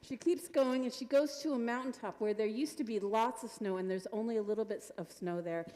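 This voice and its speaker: A woman telling a children's story to a congregation at a church service, animated and playful. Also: on the high side, fairly quick. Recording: long reverb of a church hall.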